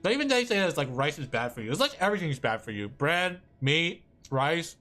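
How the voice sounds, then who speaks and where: Chatty, lively-voiced woman streamer. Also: low voice, fairly quick, soft background music. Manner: chatty and rambling, with many fillers; excitable, breaks into laughs and shouts. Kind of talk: casual live-stream chat.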